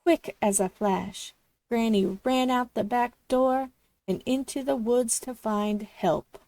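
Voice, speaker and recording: A woman reading a children's storybook aloud, expressive as she narrates. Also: on the high side, takes it slowly, no room sound.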